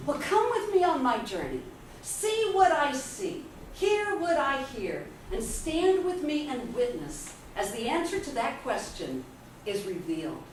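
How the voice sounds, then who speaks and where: A woman in her fifties giving an inspirational speech, telling her story with dramatic pauses. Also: high-pitched, big pitch swings. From Texas, USA. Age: 50s. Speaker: motivational speaker. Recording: echoey hall from far off, faint noise.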